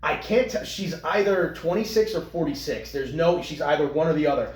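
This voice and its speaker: Profane, animated man in a roomy echo. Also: a little high, a little fast. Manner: animated, profane, trailing restarts. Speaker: podcast co-host. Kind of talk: casual crude banter.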